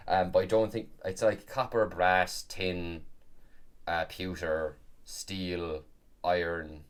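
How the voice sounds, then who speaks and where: A man with a very low voice talks casually on a podcast. He rambles and keeps restarting his sentences. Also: fairly even intonation, slow pace. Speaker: podcast co-host and game master. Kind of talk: casual chat.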